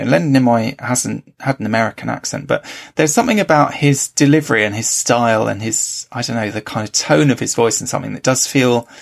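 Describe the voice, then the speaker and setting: Gravelly-voiced man musing in conversation. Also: medium pitch. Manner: thoughtful, hedging with many fillers. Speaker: podcast co-host. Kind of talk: casual discussion.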